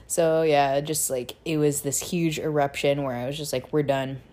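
A woman's voice: sits low, fairly even intonation, moderate pace, warm tone. A young woman telling her own story in casual, blunt, profanity-laced talk, filled with "like". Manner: blunt and profane, heavy use of "like". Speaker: podcast host telling her life story.

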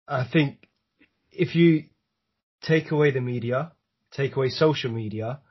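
Male interviewer, husky and raspy, agreeable and thoughtful, dull lo-fi audio. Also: mid-range voice, unhurried. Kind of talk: conversational interview.

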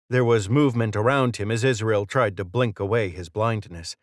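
A male narrator reading fiction in a steady, measured way. His voice sits low. The recording is dry with no room sound. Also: no room sound. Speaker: audiobook narrator. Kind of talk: scripted narration.

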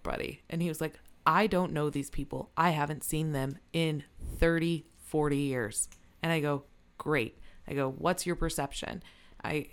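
Swearing, laughing woman telling a story. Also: deep voice. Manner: animated storyteller, swears freely, laughs often. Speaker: restaurant manager telling a story. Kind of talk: casual chat.

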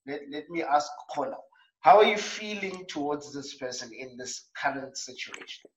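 A man's voice: fairly high pitch, moderate pace, reverberant, distant mic, noisy background. South African man coaching on radio. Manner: animated storytelling with acted asides. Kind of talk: talk show coaching talk.

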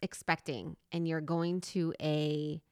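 A woman in her thirties co-hosting a podcast, chatting casually in a rambling, animated way, often laughing. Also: deep voice, slow, clear, resonant tone, dry recording, clean studio sound. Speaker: podcast co-host. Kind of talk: casual chat.

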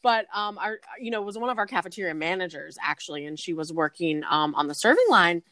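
Chatty, animated woman. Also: on the low side, fast talker, dry recording. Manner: animated, laughs easily, storytelling. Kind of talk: casual conversation.

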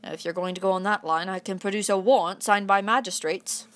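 A woman voicing a cold, haughty aristocratic knight who speaks civilly but with clear superiority, in a storybook reading. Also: mid-range voice, fairly even intonation, brisk, a bit bright, close to an everyday voice.

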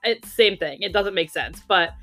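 Fast-talking Philly woman with a slight lisp. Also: mid-range voice, vocal fry, sharp tone, faint music behind. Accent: Philadelphia. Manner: rapid, rambling with restarts and laughs. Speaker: podcast co-host. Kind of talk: casual chat.

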